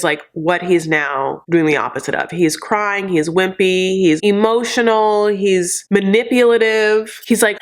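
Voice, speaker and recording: A woman hosting a reality TV recap, talking straight to viewers in an animated, sarcastic, opinionated way. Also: fairly low pitch. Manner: animated and sarcastic, acts out quotes in exaggerated voices. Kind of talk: opinionated casual recap commentary.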